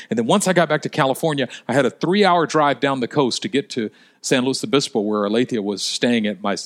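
A male pastor preaching a sermon, telling stories and slowing down for emphasis. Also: medium pitch, fairly bright tone. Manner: storytelling, slows down for emphasis.

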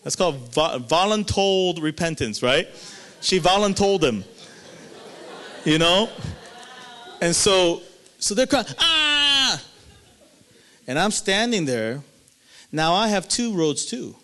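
A male pastor telling a story in a sermon, animated and swinging between loud and hushed. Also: sits high, slow, pauses often.

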